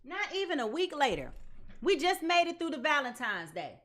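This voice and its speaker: A woman giving a live tarot reading to her viewers, talking in an animated, dramatic way. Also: high-pitched, normal speed. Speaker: tarot reader.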